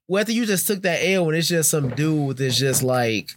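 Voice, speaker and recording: A man's voice: fairly high pitch, expressive, moderate pace, few pauses, dry recording. A man co-hosting a casual sports podcast, talking in a laid-back, reflective way. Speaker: podcast co-host.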